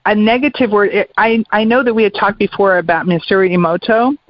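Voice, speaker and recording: Woman guest, earnest explainer, mid pitch, dry close sound, dull lo-fi audio. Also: fairly even intonation, fairly quick, dry recording. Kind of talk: casual chat. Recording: dry, muffled radio audio.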